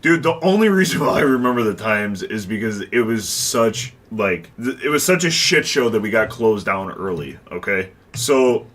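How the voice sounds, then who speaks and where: Bright-voiced blunt storytelling man. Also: on the low side, big pitch swings, normal speed, few pauses. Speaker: podcast co-host. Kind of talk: casual storytelling chat.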